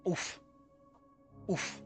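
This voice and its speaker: A man reading a fan story aloud and breaking off into animated, profane, mock-outraged commentary. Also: drawn-out words, no room sound, soft background music. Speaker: story reader.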